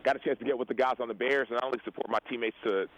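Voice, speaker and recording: A young man and football player telling a personal story in an interview, earnest and animated, acting out the dialogue he quotes. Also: medium pitch, very fast, lo-fi sound. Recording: radio show broadcast audio.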